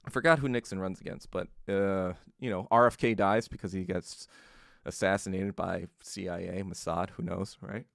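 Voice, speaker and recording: A man's voice: deep voice, steady tone, moderate pace, vocal fry, fairly bright tone, no room sound, studio quality. A man hosting a podcast, telling history in a loose, casual monologue full of swearing and acted-out quotes. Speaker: podcast host.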